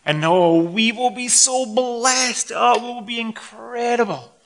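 A man's voice: extremely high pitch, vocal fry, a bit bright, pitched above the performer's own voice, heavily acted. A man putting on a pompous, smug English dinner guest. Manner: drawn-out, self-satisfied tone.

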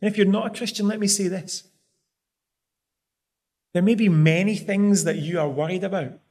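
High-voiced man preaching earnestly. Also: normal speed, a little mellow. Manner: earnest, pleading, rising emphasis on key phrases. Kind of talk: sermon.

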